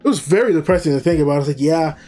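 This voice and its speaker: Mellow-voiced man rambling through a recap. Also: a little high, animated, very fast, faint music behind. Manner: rambling, with many fillers and self-corrections. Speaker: anime reviewer. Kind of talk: casual episode recap.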